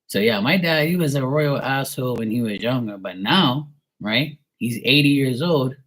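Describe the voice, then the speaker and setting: A man's voice: medium pitch, animated, normal speed, a bit bright. A man in his forties from Bermuda, telling a personal story in a rambling, blunt, heavily profane way with many fillers. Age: 40s. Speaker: tarot reader streaming live.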